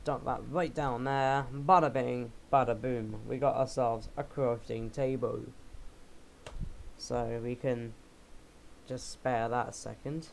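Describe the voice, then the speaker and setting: A man's voice: medium pitch, little pitch movement, slow pace, vocal fry, a little mellow, a little hiss or hum, low-quality recording. A young man giving rambling, jokey commentary while playing a game, often poking fun at himself. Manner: rambling, jokey, self-mocking asides. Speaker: game let's player. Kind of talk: casual gameplay commentary.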